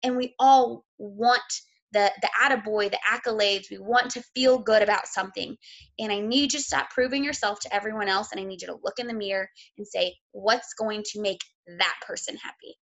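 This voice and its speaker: A woman's voice: medium pitch, steady tone, brisk, fairly bright tone. A woman, a fitness coach giving a blunt, emotional motivational talk, sick and close to tears, swearing freely.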